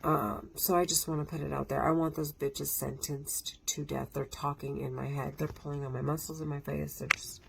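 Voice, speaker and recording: A woman's voice: low-pitched, level tone, moderate pace, vocal fry, few pauses, very noisy. A woman vlogging from home, talking in an agitated, rambling way with frequent swearing. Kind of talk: casual monologue to camera.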